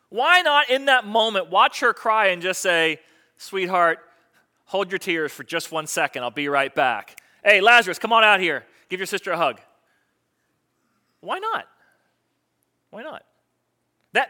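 Guy preaching, high bright voice, chatty, keeps asking the crowd questions. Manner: conversational, asks the audience questions, quick asides. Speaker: pastor. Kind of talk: sermon.

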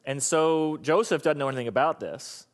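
A man pastor giving a casual, animated sermon, talking to his audience and asking them questions. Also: on the high side, moderate pace.

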